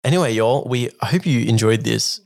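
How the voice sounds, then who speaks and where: A young man co-hosts a relaxed podcast, talking in loose, enthusiastic rambles packed with fillers. His voice has a gravelly, creaky texture. His pitch sits in the middle range for a man. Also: moderate pace. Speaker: podcast co-host. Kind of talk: casual podcast chat.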